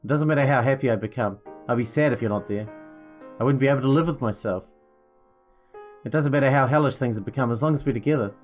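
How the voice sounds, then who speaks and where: A man's voice: mid-range voice, quick pace, faint music behind, lightly acted. A man voicing a desperate, protective young woman in a visual novel, reading her lines with urgent pleading.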